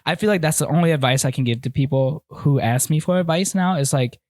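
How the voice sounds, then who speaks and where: A man's voice: on the high side, fast, dry recording, clean studio sound. Candid young man telling stories. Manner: candid, animated storytelling with acted-out quotes. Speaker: podcast host. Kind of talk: casual podcast chat.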